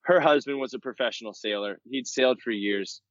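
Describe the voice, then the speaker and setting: A man's voice: mid-range voice, fairly quick, a bit bright, no room sound. A man from Florida tells his travel story as a podcast guest, and he acts out the people he quotes with real energy. His voice sits in the middle range. The recording is dry and a little muffled. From Florida, USA. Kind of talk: storytelling interview. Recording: dull, dry podcast mic.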